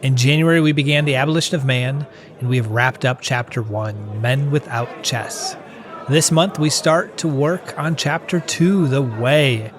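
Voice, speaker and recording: A man hosting a podcast, chatting in a relaxed way with small restarts. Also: medium pitch, a little slow. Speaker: podcast host. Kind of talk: casual podcast chat.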